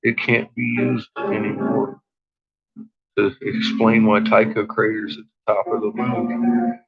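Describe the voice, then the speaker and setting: A man's voice: lowish voice, little pitch movement, measured pace, creaky, music in the background. A man hosting a late-night livestream, ranting profanely at his chat and often breaking into laughter. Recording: dull lo-fi stream audio.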